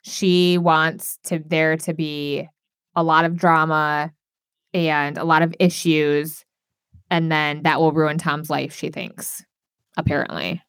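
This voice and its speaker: A woman co-hosting a podcast, recapping a reality show in casual chat, talking fast and loose with lots of fillers and swearing. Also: sits low, level tone, a bit bright, clean tone, dry recording, studio quality. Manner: chatty, swears, many "like" fillers.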